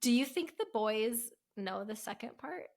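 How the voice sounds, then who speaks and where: A woman's voice: on the high side, lively intonation, unhurried, gravelly. A woman co-hosting a podcast, eagerly sharing a family anecdote. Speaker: podcast co-host. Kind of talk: casual storytelling chat.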